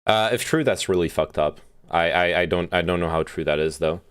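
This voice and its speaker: A man hosting a stream, giving casual commentary on a played speech in a halting way, with many fillers and restarts as he thinks aloud. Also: low-pitched, a bit bright, clean tone. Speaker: streamer host.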